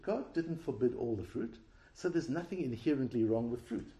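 A man's voice: medium pitch, expressive, moderate pace, dark tone. A man giving an explanatory Torah class who asks rhetorical questions and repeats words as he restarts his phrases. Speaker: Torah teacher. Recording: roomy echo.

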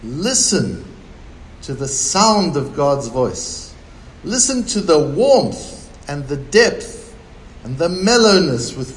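A man, a rabbi, delivering a sermon in a slow, deliberate way with many rhetorical questions. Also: on the high side, slight background noise, poor audio.

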